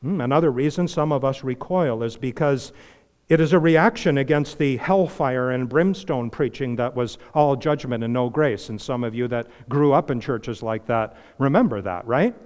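A man preaching a sermon as pastor, impassioned, swinging between loud emphasis and hushed earnestness. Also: medium pitch, normal speed. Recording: long reverb of a large hall.

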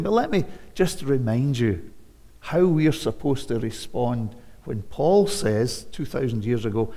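A Scottish man in his seventies preaching a sermon, talking conversationally, then turning loud and emphatic. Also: medium pitch, animated, a little slow. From Scotland. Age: 70s. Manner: conversational, swinging from quiet asides to loud emphatic declarations. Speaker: visiting preacher. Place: church sanctuary. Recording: long church reverb.

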